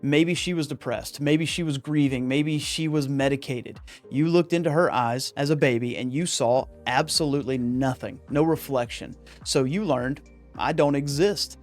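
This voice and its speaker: A man's voice: mid-range voice, moderate pace, hardly any pauses, faint music behind. A man hosting a podcast, delivering an earnest monologue on psychology with an emphatic, preacher-like delivery. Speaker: podcast host.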